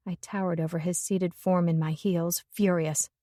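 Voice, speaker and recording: A woman narrating a first-person romance audiobook in a measured, introspective way. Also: lowish voice, steady tone, mellow, dry recording, clean studio sound.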